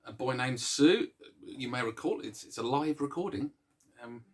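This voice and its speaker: A man's voice: medium pitch, moderate pace. A man hosting a casual music show, chatting to viewers in a rambling, self-mocking way, with plenty of restarts. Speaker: host of a music series.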